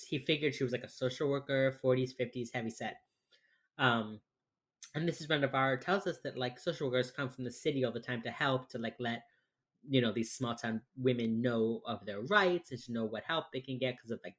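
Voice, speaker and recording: A woman co-hosting a podcast, recapping a TV episode in rambling casual chat full of fillers. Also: rumbling low. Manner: rambling, filler-heavy, with quick mocking impressions. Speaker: podcast co-host.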